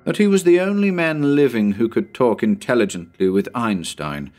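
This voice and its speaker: A man reading a short story aloud in an expressive, measured narration. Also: mid-range voice. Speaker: audiobook narrator.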